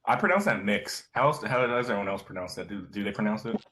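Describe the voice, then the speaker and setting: A man's voice: lowish voice, sing-song, fast talker, a crowd in the background, poor audio. A young man in casual chat on a video call, rambling and searching for words.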